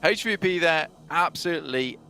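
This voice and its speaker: A man's voice: on the high side, normal speed, gravelly. Male esports caster reading the standings. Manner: energetic, stats-heavy. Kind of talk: live game commentary.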